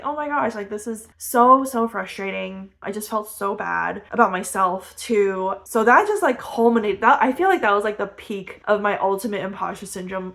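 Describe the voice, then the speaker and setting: A young woman in her twenties talks straight to camera, recounting her own story in loose, conversational speech. Her pitch sits in a middle range for a woman, and she peppers her sentences with "like" and soft little laughs. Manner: casual, chatty, many "like" fillers, laughs lightly often. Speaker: vlogger.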